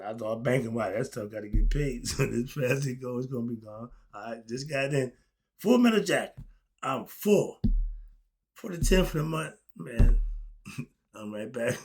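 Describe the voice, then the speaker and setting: Gravelly-voiced older man musing casually. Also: mid-range voice. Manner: emphatic, laughing asides, swings loud and soft. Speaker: commentator. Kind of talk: casual monologue.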